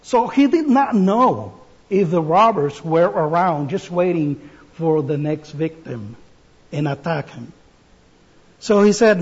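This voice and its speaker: Guy giving a sermon, high-pitched, slow and careful. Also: expressive, a little mellow, husky, highs cut off. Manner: slow, deliberate delivery with pauses and restarts. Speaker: preacher.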